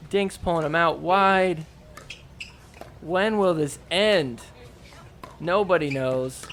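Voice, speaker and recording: A man's voice: fairly high pitch, takes it slowly, fairly bright tone, a little hiss or hum. A man hosting a podcast, giving casual commentary over match clips in a playful way. He laughs often and mimics the players. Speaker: podcast host.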